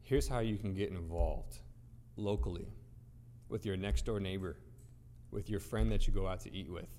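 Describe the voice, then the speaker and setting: Low-voiced man preaching in an echoing hall. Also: normal speed, warm tone, slight background noise. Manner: emphatic, rhetorical, builds points through repetition. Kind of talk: sermon. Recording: long reverb of a large hall.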